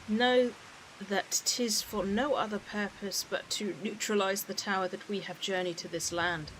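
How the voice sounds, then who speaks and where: Woman doing a formal old-timey adventurer, all thou and thee, slow reading, bright voice. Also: medium pitch, fairly even intonation, a little hiss or hum, close to an everyday voice, rough recording. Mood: solemn. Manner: slow deliberate reading with stumbles over the old words. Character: formal adventurer speaking archaic old-fashioned English.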